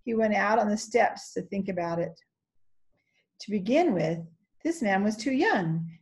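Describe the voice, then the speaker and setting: A woman reading a children's chapter book aloud in a steady, clear storytelling manner. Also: mid-range voice, measured pace. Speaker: reader.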